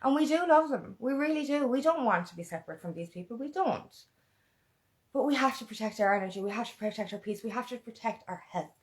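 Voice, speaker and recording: Woman, fairly high voice, empowerment coach, heartfelt motivational vlog, repeats a mantra, emotional. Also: lively intonation, fast. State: emotional, close to tears.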